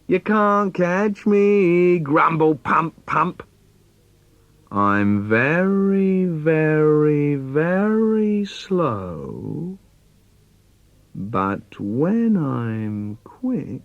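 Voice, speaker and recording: A man's voice: a little high, sing-song, extremely slow, dry recording, highs cut off, pitched above the performer's own voice, exaggerated voice. A man voicing a cheeky little boy who taunts in a sing-song chant, in a dry, close recording. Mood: teasing.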